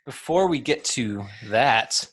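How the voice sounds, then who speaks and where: A man's voice: medium pitch, lively intonation, slow pace, a bit bright, slightly rough. A man in his thirties with a New Jersey accent hosting a podcast in casual chat, jokey and laughing often. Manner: jokey, laughs a lot, drops into goofy voices. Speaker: podcast host.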